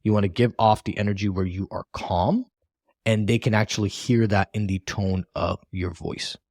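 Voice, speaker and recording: A man's voice: fairly low pitch, fairly even intonation, normal speed, darkish tone, no echo. Dry-voiced male sales training coach. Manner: coaching tone, frequent "all right" and "right?" check-ins. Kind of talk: recorded training lecture.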